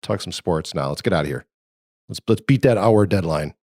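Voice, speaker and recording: Rambling, low-voiced male podcast host. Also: expressive, normal speed, darkish tone, no echo, studio quality. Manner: rambling, laughing storyteller. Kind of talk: casual podcast chat. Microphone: remote call setup.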